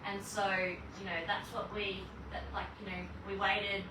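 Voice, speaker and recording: An Australian woman telling a birth story as a podcast guest, in animated, breathless storytelling full of fillers. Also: medium pitch, a little slow. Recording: echoey room, distant mic, background noise.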